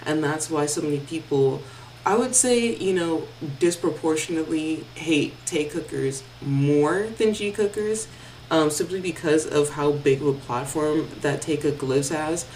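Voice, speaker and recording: Low-voiced young woman, chatty co-host. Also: unhurried, a little mellow. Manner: casual, filler-heavy, slangy. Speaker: podcast co-host. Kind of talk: casual chat. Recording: from a distance with faint noise.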